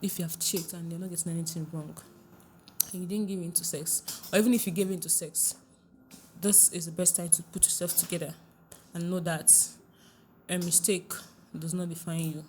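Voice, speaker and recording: Woman, relationship coach, podcast interview, earnest, emphatic, repeats key phrases, slightly low voice. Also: steady tone, a little fast, darkish tone, a little hiss or hum. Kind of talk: podcast interview, giving advice.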